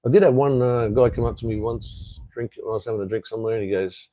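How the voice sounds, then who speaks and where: A man's voice: lowish voice, fairly even intonation, brisk, mellow, no echo, rough recording. A man with an Australian accent, rambling in a laid-back way as he chats casually on a live stream from an outdoor patio. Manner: rambling, laid-back, reads out viewer comments. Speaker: vlogger.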